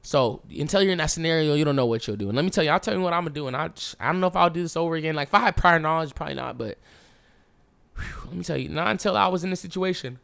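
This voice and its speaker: A young man tells a personal story on his podcast in loose, casual speech. He talks slangy and swears often, and he acts out what people said. His voice sits a little higher than most men's. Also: rapid-fire, vocal fry. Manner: animated, swearing, slangy, acts out past dialogue. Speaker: podcast host.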